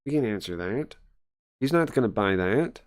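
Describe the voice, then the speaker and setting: A man's voice: on the low side, expressive, moderate pace. A man casually narrating a story game aloud as a streamer, rambling and chatty with lots of fillers.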